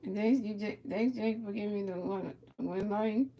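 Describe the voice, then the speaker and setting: Woman calling a baseball game on stream, chats to a viewer, trips over her words, excited bits. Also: mid-range voice, normal speed, slight background noise. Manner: chatty, talks to a viewer, repeats words, excited outbursts. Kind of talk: casual play-by-play commentary.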